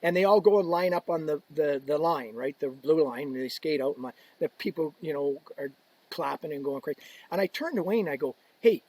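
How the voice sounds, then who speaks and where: A man's voice: a little high, brisk, husky, dry recording. A man, a podcast guest, telling a long story in casual conversation, acting out the quotes of people in it and laughing along. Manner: animated anecdote telling, acts out quotes, laughs, swears. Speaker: podcast guest, equipment ambassador.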